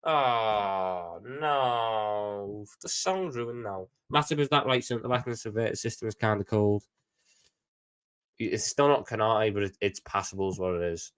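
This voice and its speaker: A man's voice: fairly low pitch, normal speed. A man with a Scouse accent chatting casually on a live stream, reading viewer questions and answering them off the cuff.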